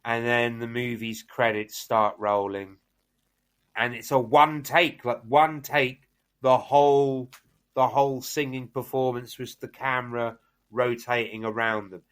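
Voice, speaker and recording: A man's voice: medium pitch, measured pace, clean tone. A man co-hosting a film podcast, retelling a plot in casual chat with lots of fillers and restarts. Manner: animated, many fillers and restarts. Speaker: podcast host.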